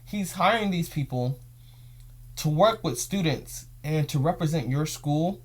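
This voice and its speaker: Speaking at a measured pace, a young male podcast host with a slightly high, expressive voice relates an emotional story. The telling is rambling and repetitive, like a laid-back vlog.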